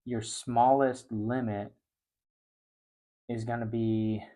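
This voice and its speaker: A middle-aged man hosting a fishing show, telling a story casually and growing loud and high-pitched when he gets excited. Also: takes it slowly.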